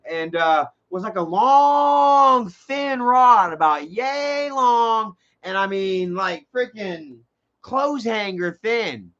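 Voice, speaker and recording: A man telling rambling, profane stories on a casual livestream. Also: very high-pitched. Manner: rambling, profane, animated storytelling. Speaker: livestream host. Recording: dull lo-fi stream audio.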